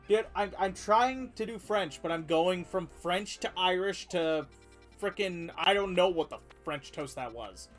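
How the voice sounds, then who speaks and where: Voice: mid-range voice, lively intonation, a little slow, faint music behind. A game streamer chatting casually while playing, rambling and laughing, often cutting off mid-word. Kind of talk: casual gameplay chat.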